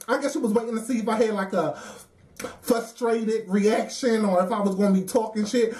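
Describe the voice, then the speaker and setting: A woman's voice: fairly high pitch, normal speed, a little mellow. A woman, telling a casual work story, laughing often and acting out the voices of the people she quotes.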